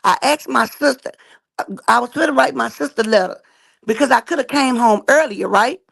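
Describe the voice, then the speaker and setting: Woman, gravelly, slightly high voice, fast emphatic personal testimony, earnest and religious, keeps checking in with listeners, dry close sound. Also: a bit bright, dry recording. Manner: fast and emphatic, keeps asking "right?" and calling "y'all". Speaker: guest telling her story.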